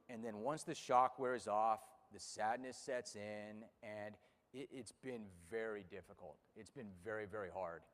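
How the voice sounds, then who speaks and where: A man in his fifties speaking emotionally to an audience about losing his racehorse, halting and repeating words when upset. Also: mid-range voice, long reverb tail. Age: 50s. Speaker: racehorse owner and radio host. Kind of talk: emotional personal speech to an audience. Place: room with a live audience.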